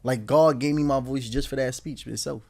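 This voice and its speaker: A man's voice: medium pitch, steady tone, normal speed, creaky, a little mellow. A man in his twenties, a podcast guest, telling a story in a loose, slangy way and often checking in with the listener. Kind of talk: casual storytelling in conversation.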